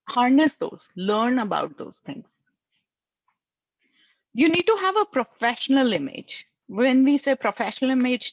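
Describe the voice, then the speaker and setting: A woman's voice: a little high, dry recording. A woman giving earnest career advice to job seekers, often checking in with a questioning "right?" as she makes her points. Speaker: career networking speaker. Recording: dull lo-fi dry sound.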